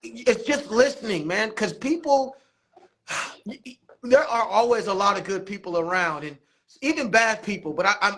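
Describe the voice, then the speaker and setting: A man, a barber and basketball coach, telling animated stories in a casual interview, acting out quotes. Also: high-pitched. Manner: animated storytelling, laughs often, acts out quotes.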